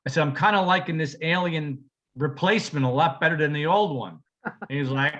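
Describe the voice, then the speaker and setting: Male podcast co-host, bright forward voice, rambling anecdotal delivery, lo-fi sound. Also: mid-range voice, a little fast. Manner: rambling storyteller, laughs often, restarts. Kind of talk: casual chat.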